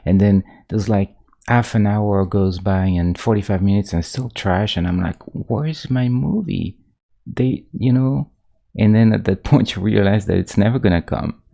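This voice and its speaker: Casual male streamer, deep and gravelly, halting and rambling, prone to getting worked up. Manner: rambling, halting, full of restarts, gets animated. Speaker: pixel art streamer. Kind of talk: casual chat while drawing on stream.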